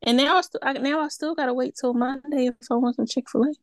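A woman's voice: high-pitched, fast talker, no echo. A woman co-hosting a podcast, telling a story in casual chat and acting out her own reactions. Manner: animated, acts out her own reactions in quotes. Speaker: podcast co-host.

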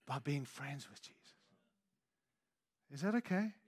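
A man preaching a sermon as pastor, swinging from hushed intimate lows to loud emphatic declarations, with conversational asides to the congregation. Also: lively intonation, measured pace, breathy edge, dry recording.

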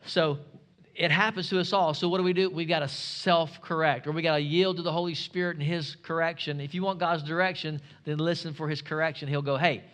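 A pastor preaching a sermon, emphatic and asking the congregation rhetorical questions. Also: male voice, a little high, steady tone, fairly quick, a bit bright, smooth.

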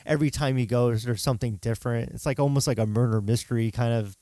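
A man hosts a casual chat, rambling along in a relaxed way. His voice sits at an ordinary pitch for a man. The recording is dry and close to the mic. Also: fast talker, no echo. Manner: relaxed, rambling, many fillers.

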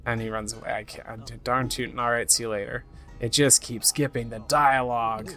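A man's voice: medium pitch, flat delivery, brisk, bright, forceful tone, faint music behind. A man giving casual let's-play commentary, describing what happens on screen and sometimes reading game dialogue aloud in put-on voices. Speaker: game streamer.

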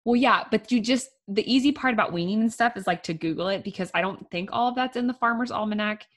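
A woman's voice: medium pitch, quick pace. A young woman co-hosting a podcast, chatting casually and filling her talk with "like", laughing easily. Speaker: podcast co-host. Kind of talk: casual chat.

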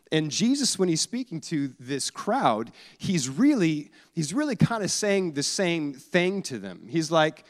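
Casual, rambling pastor in a reverberant hall. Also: male voice, mid-range voice. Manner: casual and self-deprecating, frequent fillers and restarts. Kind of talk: conversational sermon with personal stories.

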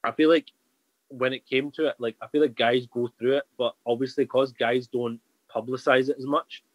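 A man's voice: medium pitch, steady tone, normal speed, no room sound, poor audio. A man chatting as a podcast guest, candid and rambling, often restarting his sentences. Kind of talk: casual chat.

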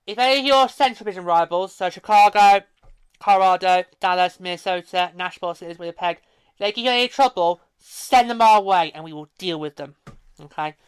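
A woman's voice: on the low side, fairly quick, clean tone, no room sound. A woman hosting a hockey podcast, talking casually and emotionally, rambling with frequent restarts. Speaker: podcast host.

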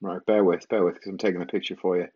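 A man's voice: low-pitched, little pitch movement, fast, warm tone, slightly rough. Guy waffling on his podcast in the kitchen, cheeky and sweary, slightly dull sound. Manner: chatty, self-mocking, swears casually. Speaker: podcast host. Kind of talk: rambling solo podcast chat. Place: home kitchen.

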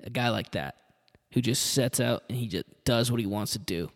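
A man's voice: mid-range voice, moderate pace, in a large hall. A man hosting a solo podcast, rambling casually and swearing a lot. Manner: rambling, profane, with laughs. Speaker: podcast host.

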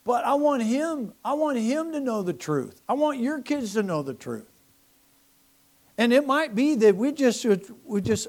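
A man preaching a sermon as pastor, animated and sarcastic, swinging from loud preaching to quiet asides. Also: very high voice, unhurried. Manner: mocking, sarcastic humor.

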